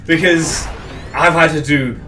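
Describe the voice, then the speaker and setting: A man's voice: a little high, steady tone, unhurried, pushed and bright, recorded from a distance, faint music behind. A man with a Scottish accent, an actor chatting and joking casually while playing a game, swearing freely. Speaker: co-host, actor.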